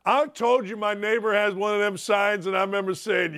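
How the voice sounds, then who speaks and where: A man hosting a sports talk show, fired up and enthusiastic, talking loudly and making sarcastic asides. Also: high voice, moderate pace, creaky, hardly any pauses. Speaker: show host.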